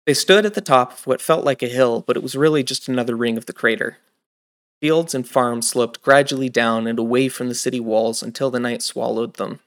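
A man narrates a fantasy audiobook in a steady, scripted storytelling manner. He does the plain narration between the characters. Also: medium pitch, fairly quick.

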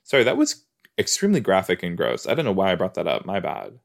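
Man, low voice, very lively intonation, casual rambling reaction chatter, excitable. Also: quick pace, gravelly. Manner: rambling, excitable, self-interrupting. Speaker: podcast host reacting to a TV episode.

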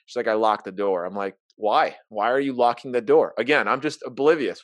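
A man's voice: mid-range voice, lively intonation, brisk, no room sound. A young man telling an embarrassing personal story in casual chat, candid and self-mocking, acting out the dialogue.

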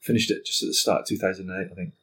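A man guest on a podcast, telling a story in casual conversation, animated and swearing freely while acting out what people said. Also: sits low, rapid-fire, breathy edge.

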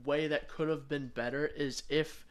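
A man's voice: fairly high pitch, fairly even intonation, moderate pace. A man co-hosting a casual podcast, talking in a chatty way. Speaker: podcast co-host. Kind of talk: casual chat.

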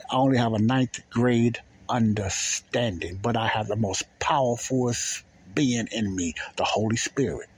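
A man's voice: lowish voice, husky. A man hosting a podcast, talking in a casual, rambling monologue that repeats phrases in plain, folksy speech. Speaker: podcast host.

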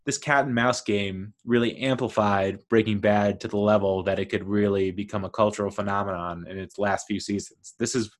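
Male podcast host, fairly low voice, excitable and rambling solo talk. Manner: enthusiastic, rambling, lively storytelling.

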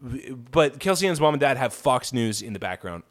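A man's voice: medium pitch, big pitch swings, a little fast. A man co-hosting a podcast, ranting and swearing through casual political chat, laughing often. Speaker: podcast co-host.

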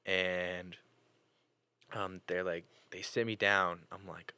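A young man with a lowish, bright, forceful voice hosts a casual podcast chat, telling stories with lots of "like" and restarts. His voice sits close and dry, with no room sound. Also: slow pace, clean tone, no echo. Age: young adult. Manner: animated storyteller, many fillers and restarts. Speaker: podcast host.

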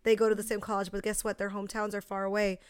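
A woman's voice: medium pitch, little pitch movement, rapid-fire, clean tone, dry recording, studio quality. A young adult woman co-hosting a podcast, talking bluntly and swearing freely as she tells stories in casual chat. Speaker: podcast co-host.

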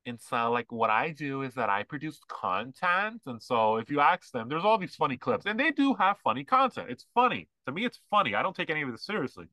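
Bright-voiced man ranting on a podcast. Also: a little high, very animated, brisk, few pauses, no room sound, poor audio. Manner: rambling, mocking, mimics others in put-on voices. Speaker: podcast co-host. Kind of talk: casual podcast chat.

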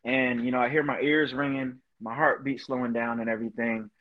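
A man speaks as a podcast guest, recounting his experiences with earnest emotion and frequent "you know" fillers. His voice sits at an ordinary middle pitch. The recording sounds a little dull and lo-fi. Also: level tone, fairly quick. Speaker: guest, Marine veteran and motivational speaker. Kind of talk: personal storytelling in a podcast interview.

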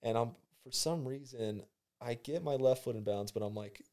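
A man's voice: medium pitch, normal speed, a little mellow. A young man, a college football player, telling a story in casual chat with slang and acted-out reactions. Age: young adult. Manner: laid-back storytelling, slangy, acts out his own reactions.

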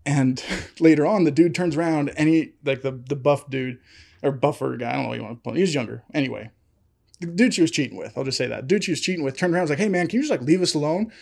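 A man's voice: mid-range voice, fast, gravelly, darkish tone. A young man telling a long story on a casual podcast chat, full of fillers, laughing often. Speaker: podcast co-host.

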